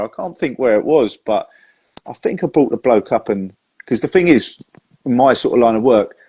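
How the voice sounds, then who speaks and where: A man's voice: mid-range voice, darkish tone, husky. A man hosting a live casual chat, telling jokes and stories, laughing often and swearing now and then. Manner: chatty, laughs a lot, swears in anecdotes. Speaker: host, magician.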